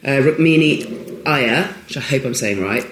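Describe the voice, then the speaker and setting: A man's voice: mid-range voice, moderate pace, echoey room, background noise. A man hosting a podcast at home, chatting casually over a meal, swearing freely and laughing often. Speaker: podcast host. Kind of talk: casual chat.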